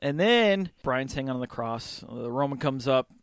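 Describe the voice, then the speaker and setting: A man co-hosting a casual chat, laughing often and acting out movie scenes in quick voices. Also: mid-range voice, lively intonation, smooth, dry recording, studio quality. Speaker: podcast co-host; religious studies student.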